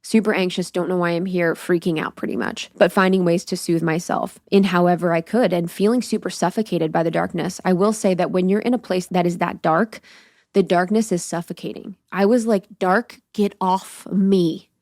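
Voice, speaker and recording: A woman's voice: lowish voice, steady tone, brisk, darkish tone, no room sound, studio quality. A woman in her thirties hosting a solo podcast, telling a personal story candidly and expressively, swearing freely and acting out her own thoughts. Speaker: podcast host.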